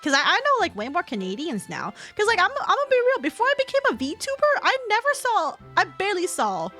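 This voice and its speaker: A woman's voice: extremely high pitch, wildly swooping pitch, fast, pushed and bright, faint music behind. A young adult woman streaming, chatting casually with viewers, rambling, laughing often and swearing casually. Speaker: VTuber streamer. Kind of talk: casual chat with viewers while reading chat.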